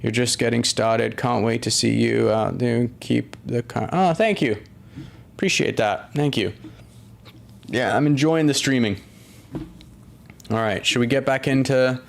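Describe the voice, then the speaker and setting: A man's voice: medium pitch, fairly even intonation, measured pace, vocal fry, long pauses. A man hosting a casual live-stream chat, rambling through viewer comments with lots of fillers, restarts and swearing. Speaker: podcast host reading viewer comments.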